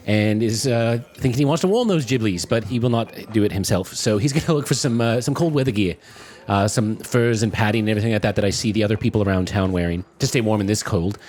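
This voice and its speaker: A man casually describing his character's actions in a tabletop game, easygoing with many pauses. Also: lowish voice, darkish tone. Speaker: player. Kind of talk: tabletop game player chat.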